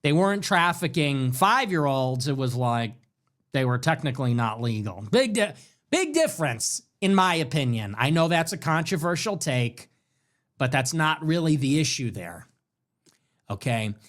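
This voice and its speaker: A man hosts a ranting political talk show in a voice pitched a little high for a man. He is animated and swings between loud bursts and low muttered asides as he rants on. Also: normal speed. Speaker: show host.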